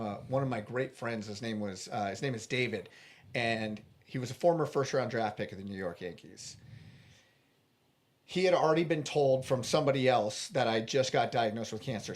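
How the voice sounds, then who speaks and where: Guy telling his story on a podcast, earnest, keeps restarting, acts out what people said, mid pitch. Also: a little fast. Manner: frequent restarts and fillers. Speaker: interview guest. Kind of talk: personal storytelling in a podcast interview.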